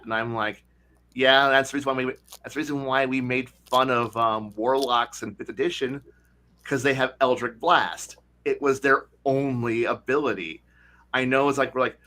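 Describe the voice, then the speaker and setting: Talking tabletop games on a casual podcast, this host speaks animatedly in a mid-range voice that sounds pushed and bright. He keeps dropping into quick character voices for players.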